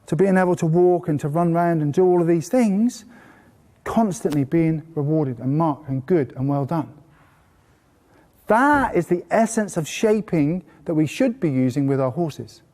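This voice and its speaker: A man teaching a horse-training course to a live group indoors, telling lively stories and bursting into playful praise voices. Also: a little high, a little slow. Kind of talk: live workshop talk to a group. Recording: long hall reverb.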